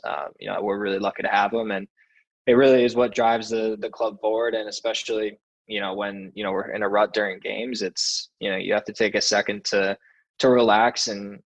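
A young man speaks low and fairly flat, relaxed, as a guest recounting his career. He loops back with fillers and restarts, casual and unhurried. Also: vocal fry, highs cut off. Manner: relaxed storytelling with many fillers. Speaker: soccer player, guest. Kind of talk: casual interview chat.

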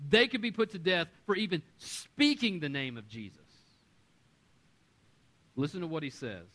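A man preaching a sermon as pastor, animated and self-deprecating, acting out the voices in the stories he tells. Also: high voice, normal speed, rough recording. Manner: animated, self-deprecating humor, acts out quotes. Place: church sanctuary.

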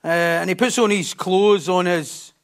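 A preacher with a fairly high voice delivers his sermon in a lively, conversational way. He breaks off for jokey asides and swings between hushed, quiet phrases and loud, excited stretches. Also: unhurried.

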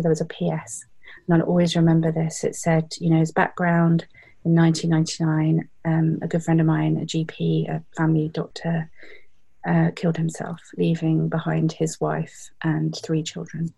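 British woman, 30s, interview guest; warm, darker tone, heartfelt and reflective. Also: low voice, completely flat delivery, moderate pace, vocal fry, breathy edge. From Britain. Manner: reflective, heartfelt, with frequent fillers. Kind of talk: candid interview storytelling.

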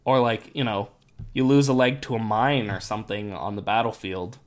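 Guy hosting a chill podcast, voice getting hoarse, lots of ums, explains stuff easy. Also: on the low side, moderate pace. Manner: relaxed, explanatory, many fillers. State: losing his voice. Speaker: podcast host. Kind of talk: casual podcast chat.

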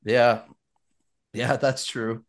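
A young adult man hosts a casual podcast, reading listener reviews out loud and slipping quick asides between the lines. His voice is mid-range with little movement in pitch.

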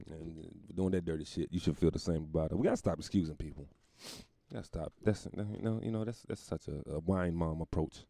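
A man's voice: sits low, a little fast, vocal fry, mellow, no echo, clean studio sound. A male comedian delivering a profane, rambling casual podcast monologue.

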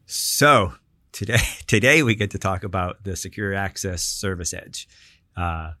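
A man hosting a podcast, welcoming co-hosts and asking leading questions in a relaxed, conversational way. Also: sits low, a little slow, no echo. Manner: asks questions, leads the talk, friendly. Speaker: podcast host.

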